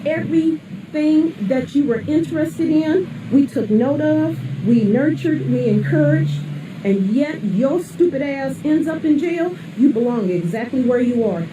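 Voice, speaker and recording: A woman's voice: high voice, animated, unhurried. Blunt, cursing mother ranting from afar. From St. Louis area, USA. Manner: blunt, swearing, scolding. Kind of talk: angry profane rant. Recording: echoey, distant, noisy.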